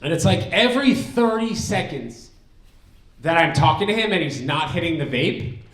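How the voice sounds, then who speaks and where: A young man from New Jersey doing a loud, animated stand-up comedy set in a banquet hall. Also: a little high, moderate pace, recorded from a distance. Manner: loud, animated, puts on silly accents. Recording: echoey hall, from off the mic.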